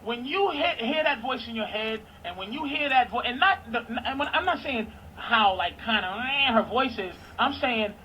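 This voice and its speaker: A man's voice: very high voice, animated, moderate pace, hardly any pauses, highs cut off, slight background noise. A man hosting a radio talk show, blunt, profane and pushy as he grills a caller. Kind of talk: loud raunchy radio banter.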